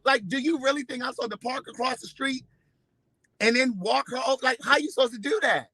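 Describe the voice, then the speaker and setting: High, bright-voiced man telling a story. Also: brisk, slightly rough, dry recording, rough recording. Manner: expressive, profane, acts out quotes with big swings in loudness. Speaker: vlogger. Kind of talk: animated storytelling to camera.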